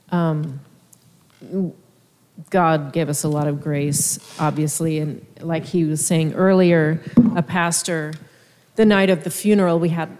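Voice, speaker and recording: A woman, a minister's wife, telling her story at a seminar in a soft, hesitant, conversational way. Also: low-pitched. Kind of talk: personal testimony at a seminar. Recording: echoey hall.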